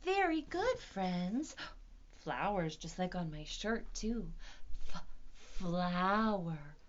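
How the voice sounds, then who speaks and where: A woman hosts a children's storytime, her voice lifting high and swooping all over in a playful, sing-song way. She speaks slowly and stretches her words out for little listeners. The recording is muffled and lo-fi, like a home video. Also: big pitch swings. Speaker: children's librarian. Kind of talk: virtual storytime for young children.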